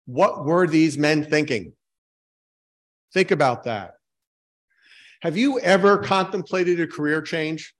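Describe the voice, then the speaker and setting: Male pastor with a somewhat high voice; informal, joking, talks with his congregation rather than at them. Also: takes it slowly, long pauses. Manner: informal, asks the congregation questions, self-mocking jokes. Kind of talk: conversational sermon.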